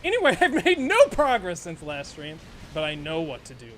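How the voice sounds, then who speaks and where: A man's voice: fairly high pitch, wildly swooping pitch, moderate pace, fairly bright tone, a little hiss or hum. A young man streaming a game, chatting in a rambling, profane way and laughing often. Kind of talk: casual gameplay chat.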